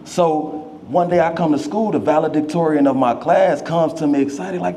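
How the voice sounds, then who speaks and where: A man's voice: fairly high pitch, moderate pace, dark tone, slight background noise. A young man giving a memorial speech for his father, telling stories in casual slang. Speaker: memorial speaker. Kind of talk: eulogy speech.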